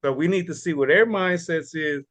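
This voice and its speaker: A man's voice: on the high side, normal speed, a bit bright, no echo. Slangy man explaining a mentor group. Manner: casual, slangy, repeats words. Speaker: support and mentor group leader. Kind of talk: casual group talk.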